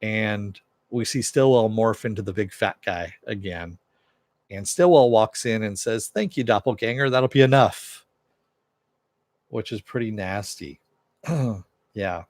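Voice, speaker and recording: A man's voice: lowish voice, animated, a little slow, long pauses, a little mellow, dry recording. A man casually recapping a TV episode, loosely retelling the dialogue with many "uh" fillers. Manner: loose storytelling, paraphrases dialogue with "he goes"; frequent "uh" fillers. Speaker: TV show reviewer.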